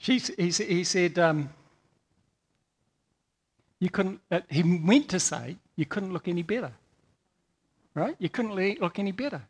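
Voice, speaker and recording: A man's voice: sits high, animated, unhurried, pauses often, slightly rough. A man giving a sermon, telling rambling stories with frequent repeated words. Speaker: preacher.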